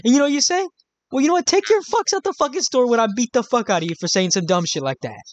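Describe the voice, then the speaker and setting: A woman's voice: a little high, animated, fast, no echo. A woman chatting casually, swearing freely and acting out comebacks. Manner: profane, acts out what should have been said. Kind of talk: casual chat.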